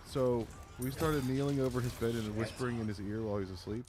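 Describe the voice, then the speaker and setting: A relaxed man chats and swaps stories while a friend plays a video game. His voice sits at a middle pitch and he talks in a loose, profane, laughing way. Steady noise runs under the recording. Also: quick pace, hardly any pauses. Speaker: co-host of a gameplay podcast. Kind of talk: casual chat over gameplay.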